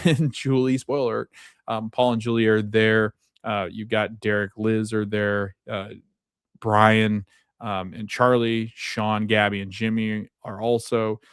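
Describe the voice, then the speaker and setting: A man's voice: on the low side, smooth, dry recording, studio quality. A man hosting a podcast, casually recapping a TV episode, with lots of fillers and frequent laughs as he retells scenes. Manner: chatty, many fillers, laughs often while retelling scenes. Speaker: podcast host.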